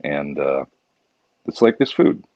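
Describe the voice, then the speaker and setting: A man hosting a casual charity livestream, animated and jokey, sometimes jumping into high exaggerated outbursts. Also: slow pace, no room sound, highs cut off. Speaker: livestream host.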